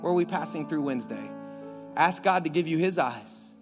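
A man preaching a sermon as pastor, energetic, climbing at times to near shouts. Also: a little high, moderate pace. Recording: echoey hall with faint music.

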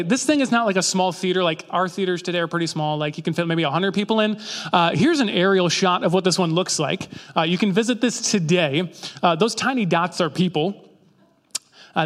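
A man's voice: high-pitched, a bit bright. A man preaching a casual sermon, talking conversationally and acting out the people in the story with jokey voices. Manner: conversational, acts out quoted characters with jokey voices. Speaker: pastor. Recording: long reverb of a large hall.

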